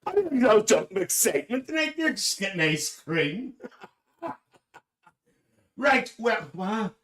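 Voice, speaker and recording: A man's voice: sits high, sing-song, takes it slowly, a bit bright, recorded from a distance, slight background noise, pitched above the performer's own voice, full character voice. A man playing a cheeky, gossipy older auntie, hosting a live stream and calling everyone dear. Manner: gossipy, calls everyone dear, laughs often. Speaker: livestream host. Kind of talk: live stream chat in character.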